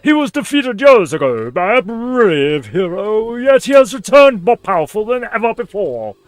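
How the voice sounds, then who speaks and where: Theatrical storybook prince, done by a man, slow, lofty delivery, crisp dry sound. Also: high-pitched, big pitch swings, dry recording, pitched above the performer's own voice. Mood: solemn. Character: grand theatrical fairy-tale prince.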